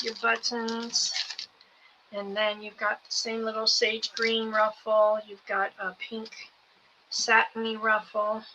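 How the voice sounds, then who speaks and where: A woman hosting a live selling show, going through each craft kit item by item in an unhurried way. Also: medium pitch, sharp tone, poor audio. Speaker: host selling craft kits. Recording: background noise with clicks.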